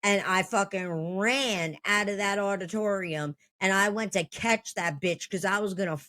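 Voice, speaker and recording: A woman's voice: mid-range voice, normal speed, sharp tone. A woman in her thirties telling a story from her own life in a blunt, heated, profane way. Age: 30s.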